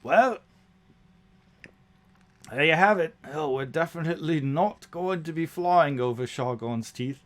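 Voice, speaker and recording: A man voicing an excitable male goblin crewman in a high, hesitant, chatty voice. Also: measured pace, long pauses.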